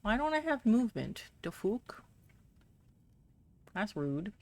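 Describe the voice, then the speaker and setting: A woman's voice: mid-range voice, very animated, takes it slowly, a little mellow, a little hiss or hum. A woman streaming a game live, chatting casually, laughing and reading in-game text aloud.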